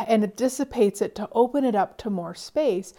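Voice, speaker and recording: Soft-spoken woman coach, mellow voice. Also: fairly high pitch, animated, unhurried. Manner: soft-spoken, sighs often, drops to whispers. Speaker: money mindset coach. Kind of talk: motivational talk.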